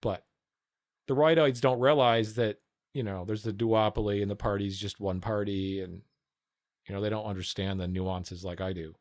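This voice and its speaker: A man's voice: lowish voice, fairly even intonation, moderate pace, no echo, clean studio sound. A man livestreaming, reacting to the news in a casual political rant, profane, rambling and sardonic.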